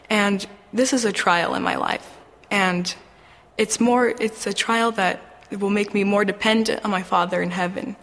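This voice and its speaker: A woman giving an earnest, emotional personal faith testimony, halting now and then with fillers. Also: medium pitch, a bit bright, in a large hall. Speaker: testimony speaker.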